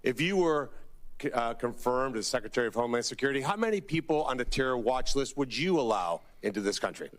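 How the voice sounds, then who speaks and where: A man's voice: medium pitch, expressive, fast talker. A man questioning a nominee at a Senate hearing with pointed, leading questions.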